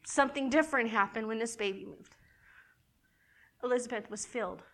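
A middle-aged woman giving an animated, emotional sermon to a group, repeating key words for emphasis. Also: fairly high pitch, fairly quick. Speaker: women's ministry speaker.

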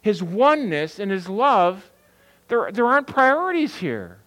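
With an extremely high, slightly bright voice, a middle-aged pastor preaches in a conversational style, asking and answering his own questions. The audio is poor.

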